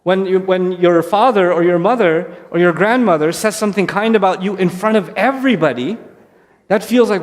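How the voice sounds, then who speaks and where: A man with a high-pitched voice giving an animated, conversational talk to families. He often acts out little exchanges between kids and parents. His voice rings in a long-echoing hall. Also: moderate pace. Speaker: speaker addressing parents. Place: hall before an audience.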